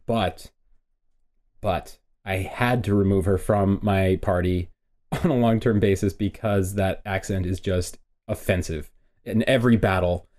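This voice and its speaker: A man's voice: sits low, fairly even intonation, darkish tone. A man co-hosting a gaming podcast, chatting casually with a wry, joking manner. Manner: wry, joking, drawn-out metaphors. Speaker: podcast co-host.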